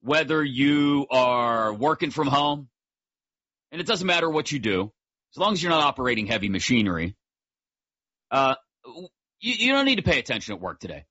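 A bright, forceful male voice hosting live sports talk radio, energetic and full of quick jokey asides. The sound is dry and close on a studio mic, with slightly dull broadcast audio. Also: medium pitch, dry recording.

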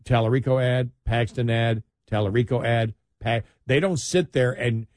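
A man's voice: medium pitch, normal speed, a little mellow, no room sound, studio quality. A man chatting casually about politics, rambling with restarts and sarcastic asides.

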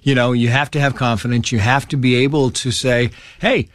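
Animated storytelling man, dry mic. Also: brisk, no room sound. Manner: animated storyteller who acts out quoted voices in high pitch. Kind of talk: casual conversation.

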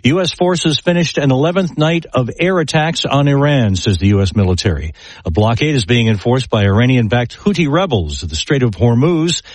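A man's voice: mid-range voice, expressive, a little fast, no room sound. Man reading radio news, dry studio. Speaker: network radio newscaster. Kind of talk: scripted news read.

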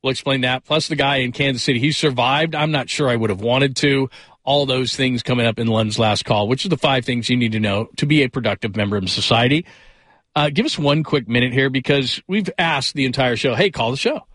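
Upbeat sports radio host, dry studio sound. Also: male voice, mid-range voice, fairly quick, fairly bright tone, no room sound. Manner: upbeat, hyperbolic, loose.

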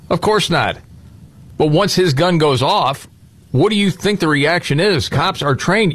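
A man's voice: a little high, expressive, normal speed, fairly bright tone. A man hosts a casual political talk show, blunt and indignant as he argues his points. His voice rises and falls a great deal. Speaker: podcast host.

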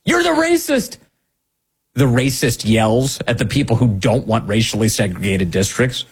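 A man's voice: fairly low pitch, moderate pace, slightly rough. A man delivering an indignant, sarcastic opinion monologue as a commentary host, with an emphatic way of talking.

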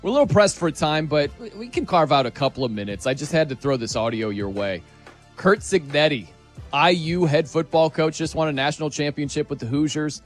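A male sports radio host bantering with his co-hosts in an animated way. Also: on the high side, a little fast, faint music behind.

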